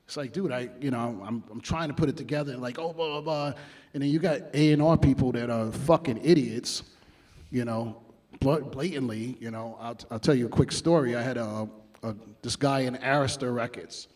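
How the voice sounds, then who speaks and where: A man's voice: medium pitch, moderate pace, a little mellow. Blunt, swearing New man. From New York. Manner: blunt and heavily profane, acts out quotes. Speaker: interview guest, music producer. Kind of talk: casual interview storytelling.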